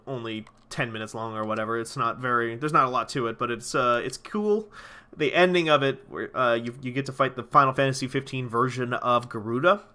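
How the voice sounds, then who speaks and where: A man's voice: medium pitch, sharp tone. A man streaming a video game, chatting casually with rambling, profane enthusiasm. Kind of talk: casual gameplay commentary.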